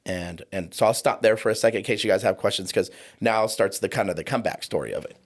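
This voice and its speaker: Speaking fast with a fairly low pitch, a trauma coach in his forties appears as an interview-show guest. He brings a personal story to life, voicing the people he quotes.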